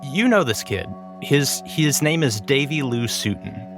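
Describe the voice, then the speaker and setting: A man's voice: mid-range voice, very animated, a little slow, fairly bright tone, soft background music. A man narrating a tabletop role-playing game as game master, describing scenes in a loose, storytelling way.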